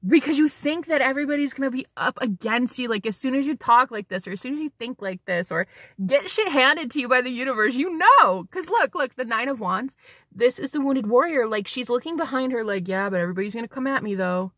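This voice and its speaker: A woman's voice: high voice, animated, brisk, a bit bright, dry recording, studio quality. Blunt, profane woman psychic. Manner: blunt, profane, preachy, emphatic. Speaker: psychic medium and tarot reader. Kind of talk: spiritual tarot reading vlog.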